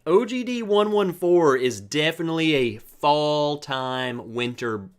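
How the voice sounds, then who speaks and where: A man hosting a relaxed live chat, playful and teasing as he calls out viewers one by one. His pitch swings widely while he talks at an unhurried pace, with a fairly high voice for a man. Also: clean tone. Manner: playful, jokey, greets viewers by name. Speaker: livestream host. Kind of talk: casual live chat reading viewer comments.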